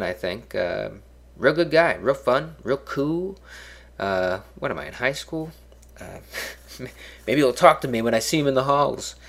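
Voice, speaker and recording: A man's voice: medium pitch, a bit bright. Offhand self-mocking podcast host, man. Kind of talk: casual podcast sign-off.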